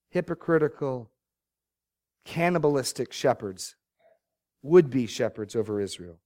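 A man preaching a sermon, reading scripture with rising emphatic bursts and quick asides to the congregation. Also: on the high side, a little mellow. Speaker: pastor.

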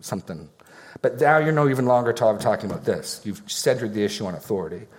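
Low-voiced pastor answering questions. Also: male voice, fast talker, husky. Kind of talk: church Q&A discussion.

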